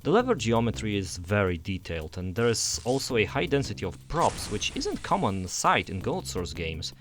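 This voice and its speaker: A man's voice: fairly low pitch, sing-song, normal speed, a bit bright, a little hiss or hum. A young man narrating a scripted game review voice-over in an enthusiastic, conversational way.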